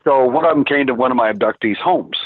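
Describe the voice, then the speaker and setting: A man's voice: mid-range voice, quick pace, husky. An older man, a former cop turned private investigator, calling in to tell stories in a rambling way with many fillers and restarts. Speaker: phone-in guest. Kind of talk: casual storytelling. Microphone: telephone. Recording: tinny dry phone line.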